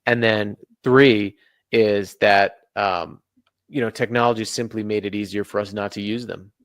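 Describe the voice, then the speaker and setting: A man speaking as a podcast guest in a slightly low voice. He explains earnestly and lays his points out in order. The sound is dry and close, with almost no room. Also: fairly even intonation, normal speed, no room sound. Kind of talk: podcast interview.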